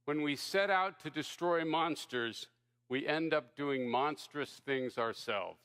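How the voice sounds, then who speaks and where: A man delivers a formal debate opening from a podium mic. His voice sits a little high and sounds bright and forceful. He argues in a measured, rhetorical way. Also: clear, resonant tone. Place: large hall before a live audience.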